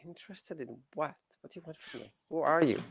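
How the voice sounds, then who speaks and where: A man's voice: fairly high pitch, a little fast, vocal fry, husky, no echo. A man voicing Michael, a wary young male superhero who asks guarded questions.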